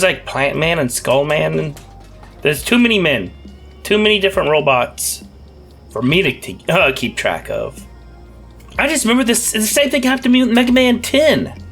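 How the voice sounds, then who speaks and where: A man with a lingering cough gives casual, rambling commentary over his gameplay. He jokes and gets excitable, and his slightly high, bright voice leaps around a lot. Faint game music plays underneath. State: has a cough. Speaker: let's play gamer.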